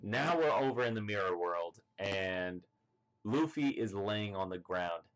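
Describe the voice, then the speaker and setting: A fairly low-voiced man rattles through a comic chapter recap in a loose, rambling way. He leans on filler words and keeps slipping into the characters' lines with eager energy. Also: a little slow. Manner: rambling, full of "you know" and "like" fillers; excited, acts out characters' lines. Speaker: manga reviewer.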